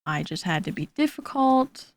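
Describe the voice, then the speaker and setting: A woman's voice: medium pitch, sing-song, moderate pace, no echo. A young woman streaming from home, chatting casually while she draws, rambling and teasing herself, and talking to her cat. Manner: rambling, self-deprecating, talks to her cat. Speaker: art streamer.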